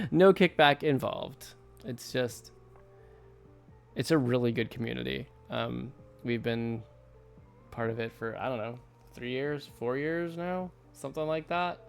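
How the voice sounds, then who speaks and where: A man's voice: medium pitch, a little slow, gravelly, faint music behind. A man in his thirties from the United States, chatting casually with viewers while drawing on a livestream, rambling and laughing often. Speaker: artist streamer. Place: home studio at night.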